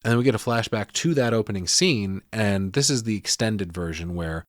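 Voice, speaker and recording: Man, casual film recap, lowish voice, profane, dry close mic. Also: brisk, no room sound. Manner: profane, animated storytelling. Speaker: podcast co-host.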